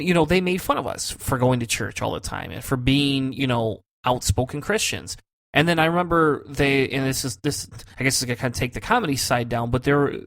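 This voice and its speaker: A man's voice: mid-range voice, fairly bright tone. A man co-hosting a podcast, telling a long personal story in a loose, conversational way. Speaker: podcast co-host. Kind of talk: casual chat.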